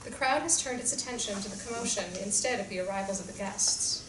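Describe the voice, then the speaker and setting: A woman reading stage directions aloud in a screenplay reading, in a clear, measured way. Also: medium pitch, fairly bright tone. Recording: roomy distant sound with background noise.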